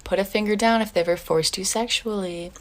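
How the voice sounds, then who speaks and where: A woman's voice: medium pitch, fairly even intonation, fairly quick. A woman in a social media clip, reading out a list of prompts.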